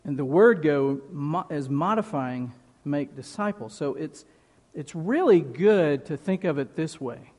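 Slow, emphatic preacher in a big hall. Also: male voice, a little high, lively intonation, darkish tone. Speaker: pastor. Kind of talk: sermon. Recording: long reverb of a large hall.

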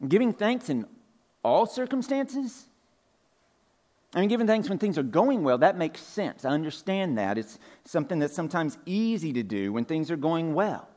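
A man with a slightly raised pitch preaches to his congregation in a church. His delivery is loose and conversational, full of casual fillers, and he circles back to restate each point. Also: big pitch swings, a little fast, hardly any pauses, a little mellow. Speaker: pastor. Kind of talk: conversational sermon. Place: church sanctuary.

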